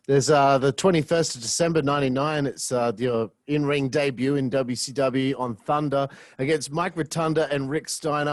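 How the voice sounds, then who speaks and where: A man of medium pitch asks questions from his notes, pausing on fillers. The recording is dry and close. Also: no room sound. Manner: reads from notes, hesitant fillers. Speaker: podcast host. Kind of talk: interview questions.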